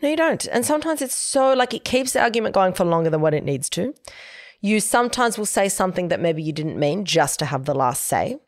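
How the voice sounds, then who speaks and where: A woman's voice: fairly low pitch, very animated, fairly quick, no echo, studio quality. A young adult woman hosting a casual solo podcast, chatty and emphatic as she gives advice. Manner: chatty, emphatic, giving advice with quoted asides. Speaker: podcast host.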